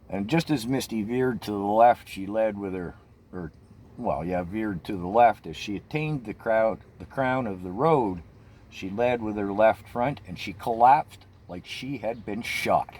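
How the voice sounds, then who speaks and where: Low-voiced older man telling a tense tale. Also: a little mellow. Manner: tense, halting retelling with many restarts. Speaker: storyteller. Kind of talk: personal storytelling.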